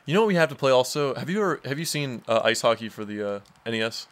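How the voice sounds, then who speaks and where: Man, mid-pitched voice, casual gaming chat, rambling, filler-heavy storytelling, laughs easily. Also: animated, quick pace. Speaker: let's play co-host.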